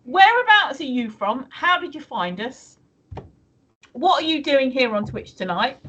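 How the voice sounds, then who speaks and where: A woman's voice: sits high, sing-song, unhurried, fairly bright tone. A woman from the UK co-hosting a live stream, chatting casually and rambling with many restarts. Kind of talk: casual chat reading viewer comments.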